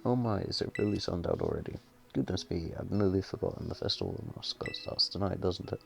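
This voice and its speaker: A man's voice: deep voice, huge pitch swings, fast, creaky, soft background music, heavily acted. A man reading aloud the lines of a kindly old grandmother from a game, in a plain voice. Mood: fussing.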